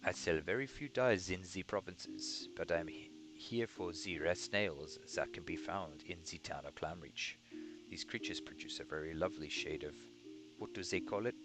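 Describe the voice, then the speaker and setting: A man voicing a wiry, jovial foreign dye merchant in a video game, with a slow, grand and playful delivery. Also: deep voice, lightly acted. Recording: music playing behind.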